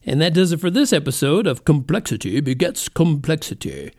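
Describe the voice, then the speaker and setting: Speaking fairly quickly in a fairly high, expressive and slightly mellow voice, this middle-aged podcast host rambles through a casual solo chat. He's conversational and keeps mocking himself.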